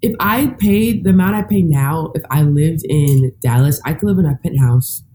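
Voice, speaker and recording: A woman guest on a podcast with a mellow, dark voice. She talks bluntly and casually, with plenty of slang. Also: deep voice, normal speed.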